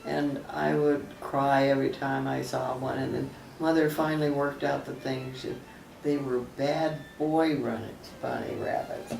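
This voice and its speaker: An older woman from Texas, a mother, reminiscing in a chatty, unhurried way during a family interview. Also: a bass voice, flat delivery, gravelly, darkish tone, a little hiss or hum. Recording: roomy, distant mic, music behind.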